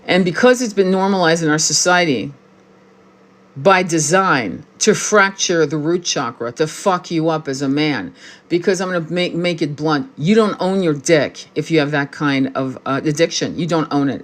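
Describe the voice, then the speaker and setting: She speaks at an ordinary speed with a voice that sits low: a woman in her sixties who teaches spirituality and reads tarot. Talking casually into the camera, she's blunt and profane, hammering her points through repetition.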